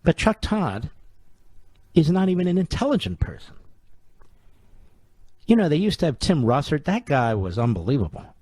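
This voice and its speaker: A man's voice: fairly high pitch, very animated, moderate pace, long pauses, darkish tone, dry recording. A man hosting a talk radio show, delivering an opinion monologue in a sarcastic, combative way full of rhetorical questions.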